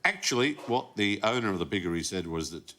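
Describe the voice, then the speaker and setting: Animated man telling comic anecdotes. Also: lowish voice, quick pace. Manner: theatrical, plays the voices in his anecdotes with lively swings. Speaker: quiz show host. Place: television studio with audience.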